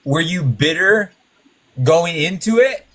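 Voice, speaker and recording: A man hosting a casual live stream, relaxed and asking his guests questions. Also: a little high, takes it slowly, rough recording.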